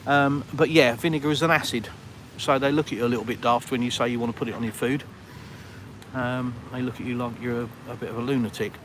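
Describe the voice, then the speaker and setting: A British vlogger chats to his live viewers while walking along a town street with traffic, rambling and poking fun at himself. His mid-range voice is fairly bright with fairly even intonation, and he talks quickly over a little hiss or hum.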